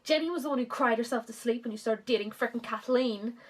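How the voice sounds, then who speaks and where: A woman's voice: on the high side, fast, natural voice. A woman voicing a defensive, snippy teenage girl from her own story. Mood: snappy. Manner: snappy, indignant.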